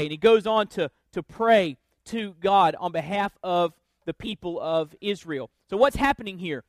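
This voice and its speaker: A man with a notably high voice preaches a sermon, building his points through emphatic, repeated refrains. The sound is dry and close, with no room around it. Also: animated, moderate pace, hardly any pauses, dry recording. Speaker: pastor.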